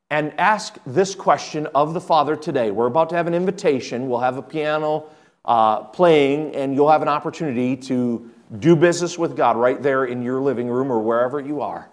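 A middle-aged man preaching a sermon, telling a family story and then pleading earnestly, rising to emphatic peaks and falling back soft. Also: medium pitch. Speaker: pastor.

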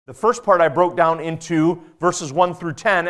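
A man preaching a sermon as pastor, emphatic and repeating key phrases, asking the congregation questions and dropping from loud stresses to quiet asides. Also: a little high, steady tone, normal speed, few pauses.

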